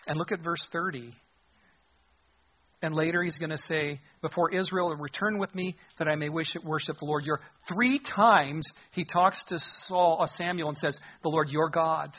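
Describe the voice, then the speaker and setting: A man's voice: a little high, fairly even intonation, moderate pace, husky. A man preaching a conversational expository sermon, acting out the quoted lines as he goes. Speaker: pastor. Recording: muffled lo-fi sermon recording.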